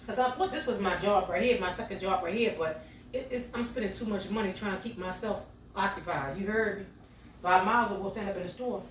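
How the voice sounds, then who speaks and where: A woman's voice: medium pitch, brisk, a little hiss or hum. Chatty middle-aged woman, roomy kitchen. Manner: chatty, talks straight to viewers as y'all. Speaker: home cooking vlogger. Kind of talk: casual storytelling while cooking. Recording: roomy sound from a distance.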